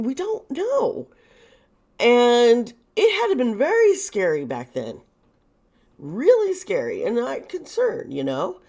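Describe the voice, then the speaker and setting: A woman's voice: a little high, a little mellow. A woman hosting a casual tarot reading, thinking aloud with many restarts and sounding a bit nervous. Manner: nervous, uneasy. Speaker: tarot reader and video host.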